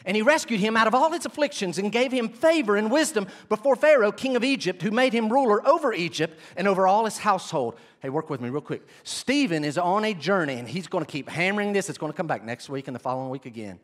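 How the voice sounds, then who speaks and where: A man delivers an animated sermon in a fairly high voice. His pitch swings widely as he calls out to the congregation and draws them in. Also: quick pace, few pauses. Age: 40s. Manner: animated, direct, addresses congregation. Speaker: pastor.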